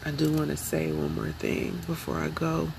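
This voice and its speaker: A young adult woman speaking slowly and reflectively in an emotional, confessional personal vlog. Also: sits low, level tone, creaky, background noise. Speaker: vlogger.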